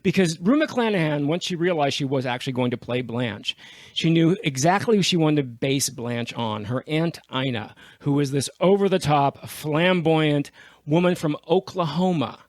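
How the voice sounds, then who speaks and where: A man's voice: on the high side, moderate pace, dry recording. A man co-hosting a podcast, chatting animatedly and laughing as he tells backstage stories. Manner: animated storyteller, laughs often, acts out quotes. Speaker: podcast co-host. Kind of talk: casual podcast chat.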